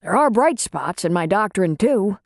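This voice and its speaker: A woman voicing a calm, plain-spoken man who runs a small-town bar, in an audiobook. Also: mid-range voice, moderate pace, creaky, no room sound, studio quality. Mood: steady. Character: Jack, male small-town bar owner, calm and steady.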